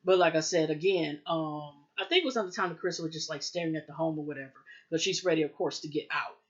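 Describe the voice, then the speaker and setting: A fast-talking TV reviewer and host recaps an episode in a chatty, rambling way, packing in fillers like "you know" and "like." When she quotes characters, her voice jumps higher and louder. The lo-fi audio sounds dull.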